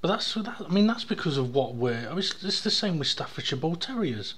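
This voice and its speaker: A man's voice: fairly high pitch, sing-song, fairly quick, fairly bright tone, husky. A British man co-hosting a podcast, musing in loose, sweary casual chat with many "I mean"s. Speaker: podcast co-host.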